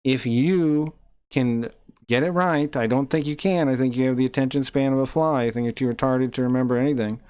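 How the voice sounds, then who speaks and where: A man's voice: medium pitch, brisk, darkish tone, clean tone, no room sound. A man live-streaming who reads chat messages aloud and taunts a viewer in a combative way.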